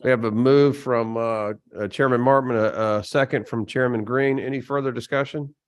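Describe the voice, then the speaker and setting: A man runs a legislative committee hearing, moving through bills and votes. He talks in a halting way, stopping on fillers and starting phrases over, with a mid-range pitch. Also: fairly even intonation, clean tone. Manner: halting, many fillers and restarts. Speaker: committee chair. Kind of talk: formal committee proceedings.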